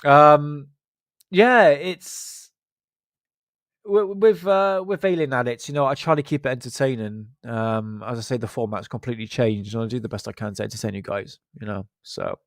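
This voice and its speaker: A man's voice: mid-range voice, fairly even intonation, moderate pace, no echo. Male streamer, West Country accent, casual self-mocking banter, dry sound. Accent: West Country English. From Southwest England. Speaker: livestream host. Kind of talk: casual livestream chat.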